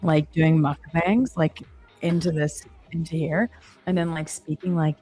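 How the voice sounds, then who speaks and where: A woman's voice: deep voice, steady tone, measured pace, dark tone, slightly rough, faint music behind. A woman co-hosting a live trading stream, chatty and joking, cheering trades on. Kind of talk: casual chat.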